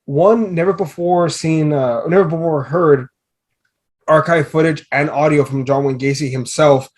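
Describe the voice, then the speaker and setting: A man co-hosting a podcast, rambling loosely through his points with the odd swear word. His voice is a touch higher than most men's. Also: fairly even intonation, measured pace, a little mellow. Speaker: podcast co-host. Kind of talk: casual podcast chat.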